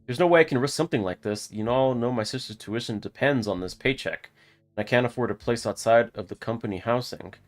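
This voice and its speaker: A man's voice: mid-range voice, fast talker, faint music behind, lightly acted. A man voicing an anxious young male miner who is worried about money, pleading with his crew.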